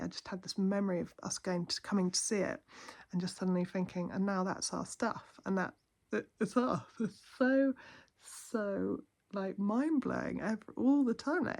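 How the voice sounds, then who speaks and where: A woman chatting softly to camera in her lounge at night, heartfelt and rambling. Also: medium pitch, vocal fry. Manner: soft-spoken, heartfelt, rambling. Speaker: vlogger. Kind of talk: casual chat to camera.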